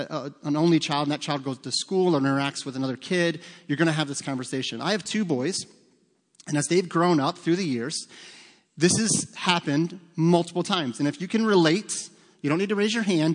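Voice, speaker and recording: A middle-aged man preaching a sermon as pastor, talking to the congregation in a conversational, humorous storytelling way with asides to the listeners. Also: on the high side. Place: church sanctuary. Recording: long hall reverb.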